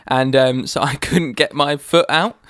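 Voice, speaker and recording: A man's voice: mid-range voice, fairly even intonation, unhurried, a bit bright, no room sound, studio quality. A man co-hosting a podcast, teasing and laughing in casual chat. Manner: easygoing, teasing, laughs a lot. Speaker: podcast co-host.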